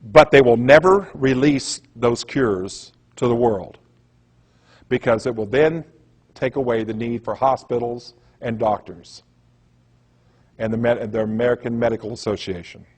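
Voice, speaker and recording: A man's voice: medium pitch, measured pace, husky. A man giving a presentation in a rambling, emphatic storytelling manner. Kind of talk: conspiracy lecture talk.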